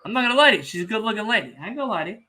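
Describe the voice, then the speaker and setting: A young man hosting a casual wrestling podcast watch-along, telling stories excitably, swearing freely and teasing the chat. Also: high voice, very fast. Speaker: podcast host.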